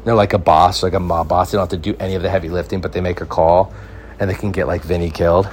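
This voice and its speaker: Young man, californian, podcast host, casual rambling storytelling, swears freely, lowish voice. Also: flat delivery, fast, darkish tone, slight background noise. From California, United States.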